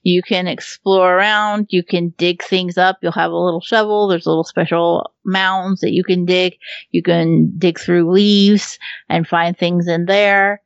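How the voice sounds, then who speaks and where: A woman's voice: lowish voice, steady tone, unhurried, smooth, no room sound. A woman in casual podcast chat who laughs often, swears freely, and talks with many ums and restarts. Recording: dull lo-fi recording.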